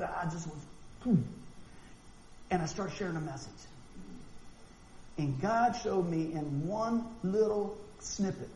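A man preaching a sermon, animated and folksy, acting out quotes and often repeating words. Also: sits high. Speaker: pastor. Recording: echoey room with faint noise.

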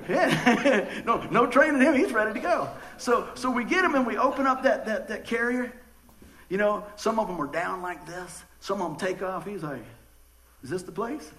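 A man's voice: high voice, fairly bright tone, rough recording. A man preaching a casual sermon, telling jokey stories with many stammered restarts. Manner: folksy, joking storyteller with stammered restarts. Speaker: pastor.

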